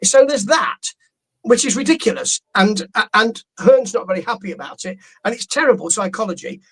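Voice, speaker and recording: A man's voice: sits high, animated, a little fast, vocal fry, a bit bright, slightly rough, rough recording. Rambling, amused male podcast co-host. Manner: rambling, amused, stumbles and restarts. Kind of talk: casual boxing podcast chat.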